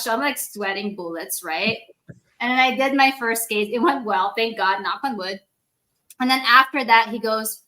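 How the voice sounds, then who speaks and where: A woman in her forties, a medical device sales rep guesting on a podcast, telling stories in a casual, animated way, laughing often and acting out quoted dialogue. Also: on the high side, moderate pace. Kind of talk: casual storytelling interview.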